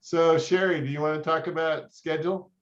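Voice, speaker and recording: A man's voice: a little high, steady tone, fairly quick, lo-fi sound. A man leading a genealogy group on a video call, jokey and steering the talk along.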